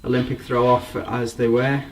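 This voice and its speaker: In a casual show-and-tell, a drum collector rambles happily about his gear at a moderate pace, his medium-pitched voice staying level. The recording picks him up from afar, with faint noise behind him.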